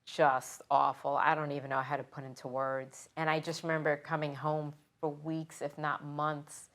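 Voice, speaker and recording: A middle-aged woman firefighter from New York, recounting her memories in an earnest, emotional, halting way during an interview. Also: sits low, flat delivery, a bit bright. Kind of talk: interview, personal recollection.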